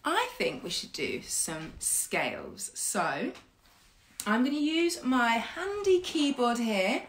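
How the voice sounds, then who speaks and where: A woman's voice: a little high, big pitch swings, slow pace, slight background noise. A woman teaching an online singing class, patient and encouraging, laughing often as she guides learners. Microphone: livestream mic. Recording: echoey room, faint keyboard.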